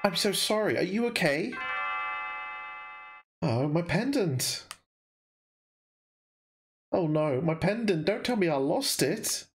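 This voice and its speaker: A man's voice: high-pitched, animated, takes it slowly, vocal fry, long pauses, voice pushed up, exaggerated voice. Man doing a bubbly young girl's voice. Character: cheerful young woman, friendly and bubbly. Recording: loud game music behind.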